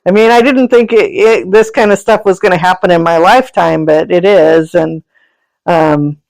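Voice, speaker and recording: An energy healer who founded an animal sanctuary shares animal stories as a podcast guest in a casual, chatty, rambling style, laughing often. Her lowish voice is gravelly and darkish, at a normal speed. There is no echo, but the recording is rough.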